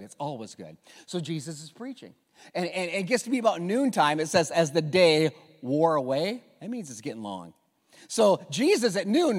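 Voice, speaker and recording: A pastor with a high voice preaches a sermon through animated storytelling, acting out every scene and trading voices between characters. His pitch swoops widely, he stammers into frequent quick restarts, and a big hall gives his voice a long reverb.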